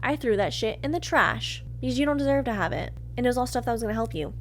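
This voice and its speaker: A woman podcast host telling a candid personal story, swearing freely and swinging from quiet murmurs to loud outbursts as she acts out her own reactions. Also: a little high, animated, quick pace, a little hiss or hum.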